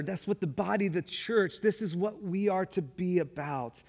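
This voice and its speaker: A man's voice: high voice, moderate pace, darkish tone. A man preaching a sermon as pastor, with emphatic delivery that rises and falls in force. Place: church sanctuary. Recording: long reverb of a church hall.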